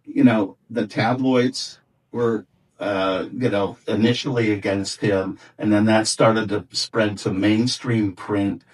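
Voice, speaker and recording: A man recounts old music-business stories in a husky, slightly breathy voice. He wanders through his thoughts with plenty of fillers and restarts, sitting a little back from the microphone. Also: on the low side, fairly even intonation, takes it slowly, recorded from a distance, rough recording. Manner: rambling, many fillers and restarts. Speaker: former record company executive. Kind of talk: anecdotal interview storytelling.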